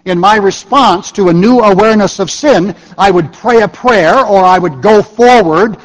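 A man preaching a sermon in a measured way, dropping softly to a low, hushed tone on key phrases. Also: in a large hall, dull audio.

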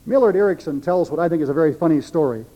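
A man's voice: on the high side, very fast, warm tone, lo-fi sound. A male pastor preaching a sermon, emphatic, repeating phrases for stress.

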